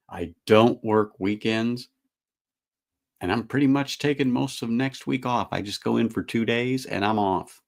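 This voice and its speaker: A middle-aged whiskey channel host with a medium-pitched, slightly bright voice chats on a casual livestream, rambling folksily and replying to what viewers write.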